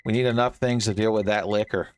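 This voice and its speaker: A man's voice: lowish voice, fairly even intonation, fast, slight background noise. Jokey man commenting on his gameplay. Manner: joking, talks to the enemies on screen. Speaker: gaming channel host. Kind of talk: let's play commentary.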